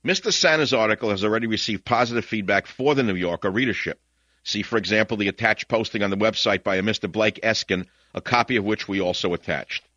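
A man's voice: on the low side, dry recording, muffled recording. A man hosting a talk radio show, reading a lawyer's letter aloud and breaking in with sardonic asides. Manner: sardonic, reads quotes flatly then jumps in with sharp asides. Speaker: radio host.

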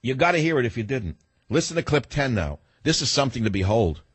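An American talk radio host in his sixties delivers a combative, ranting monologue that sometimes turns reflective. His medium-pitched voice is husky and sing-song, he talks fast, and the recording is dry.

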